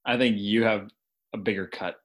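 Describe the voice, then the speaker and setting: A man's voice: lowish voice, fairly even intonation, normal speed. A man co-hosting a casual podcast, easygoing and hedging, laughing often. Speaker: podcast co-host. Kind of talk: casual chat.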